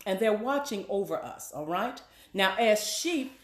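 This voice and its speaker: A woman's voice: mid-range voice, expressive, a little slow. Woman pastor preaching at her flock, lots of repeated questions, echoey room. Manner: preachy call-and-response questions. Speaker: executive pastor. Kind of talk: sermon.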